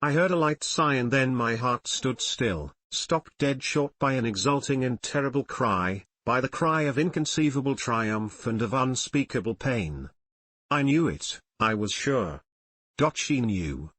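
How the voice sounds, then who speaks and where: A man narrating a classic novel in the first person, in a measured, somber way. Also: medium pitch, expressive, a bit bright, no echo. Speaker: audiobook narrator. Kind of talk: scripted narration.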